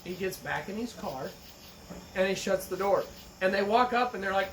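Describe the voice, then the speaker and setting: A man's voice: high voice, fairly quick, far from the mic, slight background noise. A man co-hosting a podcast, telling a story in a profane, jokey, casual manner and acting out the quotes. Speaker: podcast co-host. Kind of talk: casual chat.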